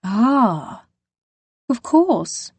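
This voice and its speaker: A woman's voice: fairly high pitch, big pitch swings, very slow, darkish tone, slightly rough, dry recording, full character voice. A woman voicing a stern, composed noblewoman who speaks in a clipped, commanding way. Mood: softened.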